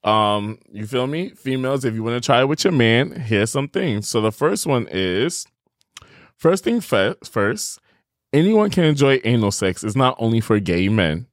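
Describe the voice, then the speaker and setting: A man hosting a casual podcast chat, telling stories in an animated way and often breaking into laughter. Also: mid-range voice, moderate pace, no room sound, clean studio sound. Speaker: podcast host.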